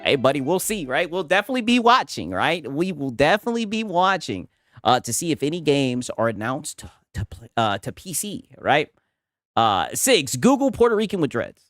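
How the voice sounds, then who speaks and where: A man reacting to posts on a casual stream, animated and laughing, with "right?" after many lines. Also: a little high, normal speed, no echo, clean studio sound, faint music behind.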